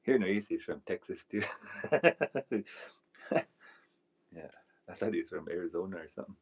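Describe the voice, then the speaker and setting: A man's voice: low-pitched, animated, moderate pace, gravelly, husky. A man hosting a live stream, chatting casually and telling rambling folksy stories while he works, laughing often. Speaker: livestream host.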